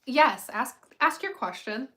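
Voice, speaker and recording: A woman's voice: sits high, animated, unhurried, fairly bright tone, low-quality recording. A young woman hosting a casual livestream, talking through advice with many fillers and asides to her viewers. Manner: chatty, filler-heavy, frank advice. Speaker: livestream host.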